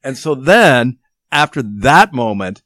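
A man's voice: mid-range voice, big pitch swings, slow, a bit bright, no echo. A man hosting a podcast, telling rambling anecdotes and repeating words as he goes. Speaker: podcast host. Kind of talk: conversational interview.

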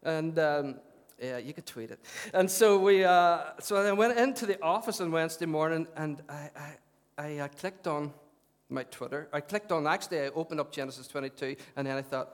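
A man preaching from the pulpit, his voice sitting a little high for a man. He talks in a chatty, lively way, dropping joking asides in between the Scripture he reads. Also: normal speed, hardly any pauses. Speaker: pastor. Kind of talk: sermon.

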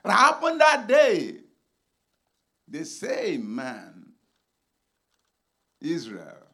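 A man preaches with fire, his fairly high voice leaping wildly up and down. The tone is bright and cutting, with a gravelly edge. He swings from shouts to near-whispers. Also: wildly swooping pitch, extremely slow. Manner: dramatic, swings between shouting and hushed speech. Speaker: pastor. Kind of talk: sermon.

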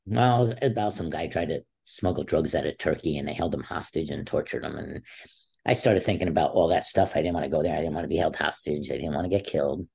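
A man's voice: fast talker, vocal fry, slightly rough. A man in his sixties, an interview guest telling a long story in a casual way, acting out what others said. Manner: animated storyteller, acts out quotes with a raised pitch. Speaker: interview guest, former wrestler.

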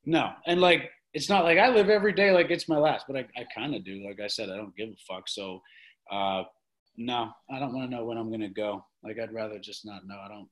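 A man's voice: on the low side, a little fast, fairly bright tone, poor audio. A male podcast guest in casual chat, rambling and frank, with some swearing.

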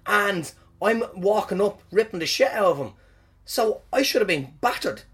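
Irish man, somewhat high voice, comedian, casual podcast storytelling, animated, swearing, self-mocking. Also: moderate pace, husky. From Ireland. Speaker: stand-up comedian, podcast host.

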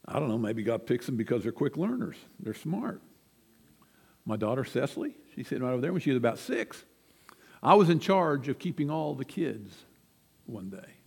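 A man's voice: mid-range voice, very animated, moderate pace, creaky, darkish tone, breathy edge, long reverb tail. An older man preaching a sermon, telling folksy, self-deprecating family stories from the pulpit in a church. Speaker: pastor. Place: church sanctuary.

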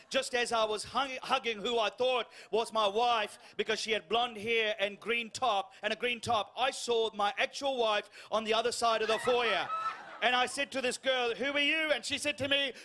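Guest preacher, middle-aged man: high, bright voice, self-deprecating storytelling sermon.

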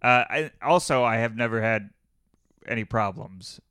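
Man, podcast host, wry quick remarks, bright forward tone, crisp, dry close mic. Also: mid-range voice, no room sound. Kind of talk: casual podcast chat.

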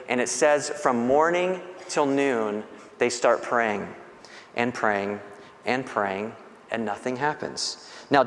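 A man pastor giving a sermon, retelling scripture stories with animated, conversational delivery. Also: medium pitch. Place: church sanctuary. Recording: long hall reverb.

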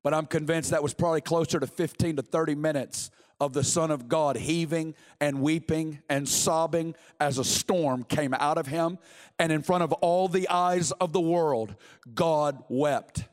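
A man's voice: a little high, moderate pace. A man preaching a sermon in a church, fervent and driving his points home by repeating phrases. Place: church sanctuary.

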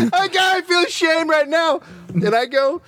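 A man tells a comedic story in casual podcast banter, acting out each voice and swearing freely. His voice sits high and bright and swings widely in pitch. A faint hiss runs under the recording. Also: animated, measured pace.

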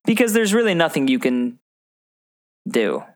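A man co-hosting a podcast, talking through a film in a relaxed, thoughtful way and joking with his co-host. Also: fairly high pitch, unhurried. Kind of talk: casual movie discussion chat.

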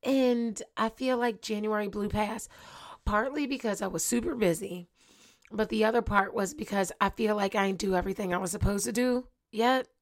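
A young adult woman hosts her own podcast, delivering a casual solo monologue to her listeners. She speaks at a moderate pace with a medium pitch, asks them questions, and laughs often.

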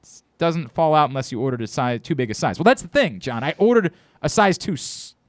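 Animated man hosting talk radio. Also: fairly high pitch, fairly quick, dry recording, clean studio sound. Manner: animated, laughing storyteller. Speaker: radio show host. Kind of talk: casual radio banter.

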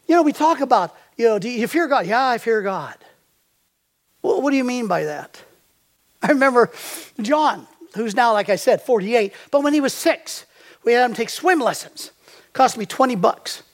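A man's voice: very high-pitched, animated, normal speed. An older man preaching a sermon as a pastor. He tells stories and quizzes the congregation with fill-in-the-blank questions.

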